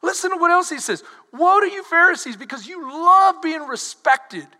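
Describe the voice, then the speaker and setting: A man, preaching a sermon as pastor, animated and shouting out the scripture he quotes. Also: very high-pitched, normal speed. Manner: animated, switches to shouting when quoting. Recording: long hall reverb.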